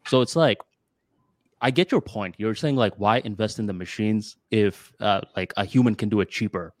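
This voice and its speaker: A man with a low voice co-hosts a podcast, arguing his point in loose, rambling sentences thick with fillers. The sound is dry and close, with no room behind it. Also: normal speed, no room sound. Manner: rambling, filler-heavy with lots of "like" and "dude"; animated, jumps to higher pitch when voicing others. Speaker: podcast co-host. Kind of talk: casual podcast debate.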